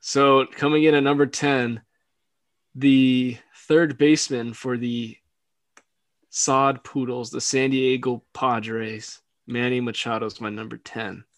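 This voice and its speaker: Young male podcast co-host, easygoing and giggly, mid-pitched, dry close recording. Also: flat delivery, slow pace, no room sound. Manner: laughs often, hedging fillers. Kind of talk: casual sports podcast chat.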